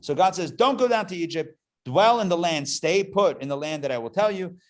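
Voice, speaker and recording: A man, a rabbi, teaching a live adult class in a playful, animated way, full of jokes and rhetorical questions. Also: high-pitched, brisk. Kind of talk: live adult education lecture.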